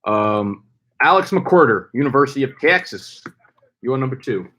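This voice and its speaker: A young man hosting a casual live stream, loud and playful, hyping up names with slang and swearing. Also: medium pitch, moderate pace. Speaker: fantasy football streamer.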